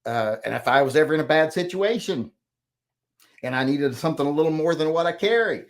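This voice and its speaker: A middle-aged host runs a casual chat, reading viewer comments aloud and answering them in a rambling, plain-spoken manner, correcting himself as he goes. His voice is fairly high, animated and brisk.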